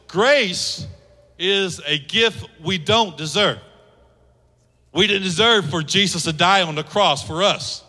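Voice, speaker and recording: High, bright passionate male preacher. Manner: passionate, exhorting, rhetorical questions. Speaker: pastor. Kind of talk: sermon. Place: church sanctuary. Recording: long church reverb.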